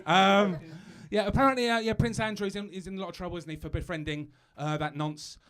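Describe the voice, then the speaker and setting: A man's voice: sits high, steady tone, fast talker, fairly bright tone. A British man doing a stand-up comedy set on a live stage, chatty and self-mocking, stumbling over asides.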